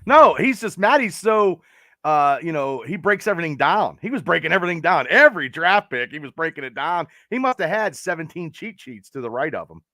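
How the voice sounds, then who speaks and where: Male guest, relaxed and upbeat fan, somewhat high voice, dry close recording. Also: brisk, dry recording. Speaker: podcast guest. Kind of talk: casual chat.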